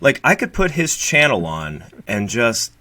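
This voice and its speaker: A man's voice: medium pitch, sing-song, measured pace, pushed and bright, no room sound. Rambling, swearing man, late 30s. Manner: rambling, profane, jokey. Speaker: guest co-host. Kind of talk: casual podcast chat.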